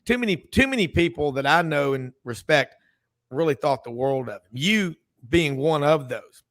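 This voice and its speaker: In casual sports talk, a radio host rambles chattily, piling up asides and restarting his sentences. His expressive voice sits fairly high for a man, with a fairly bright tone and a moderate pace.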